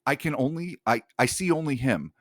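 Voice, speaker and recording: A male podcast host reading an account aloud in a hushed, measured way, with casual swearing in his asides. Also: medium pitch, animated, no room sound.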